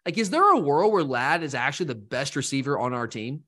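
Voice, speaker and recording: A man co-hosting a sports podcast, talking fast and rambling, with lively asides. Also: medium pitch. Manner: animated, rambling, mimics fans in quotes. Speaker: podcast co-host. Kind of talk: casual sports talk.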